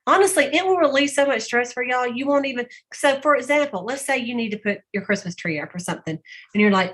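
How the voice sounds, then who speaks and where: A woman's voice: fairly high pitch, lively intonation, fast talker, fairly bright tone. Chatty woman coaching her team. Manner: chatty, folksy, acts out little dialogues. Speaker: sales team leader. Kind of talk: motivational team call.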